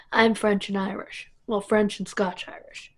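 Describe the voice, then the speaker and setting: A woman vlogger talking to camera in a casual, rambling monologue that wanders between tangents. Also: medium pitch.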